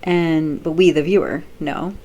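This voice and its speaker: A woman's voice: low voice, fairly even intonation, measured pace, dark tone, lo-fi sound. A middle-aged woman vlogging in casual chat, rambling off the cuff with many fillers.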